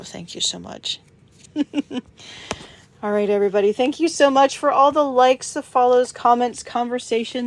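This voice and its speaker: A middle-aged woman hosting a casual livestream, chatting to viewers and cooing at her dog, laughing often. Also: on the high side. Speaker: livestream host.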